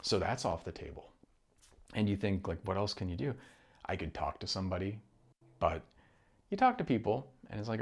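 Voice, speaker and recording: Low-voiced man musing aloud. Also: expressive, darkish tone, husky. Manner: rambling, halting, many restarts and profanity. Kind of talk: casual monologue. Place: home room.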